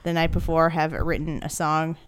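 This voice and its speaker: A woman's voice: deep voice, little pitch movement, moderate pace, smooth, no echo. A woman co-hosting a casual movie podcast, chatty and playful, laughing often as she tells stories. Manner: playful, giggly, chatty storytelling. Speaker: podcast co-host.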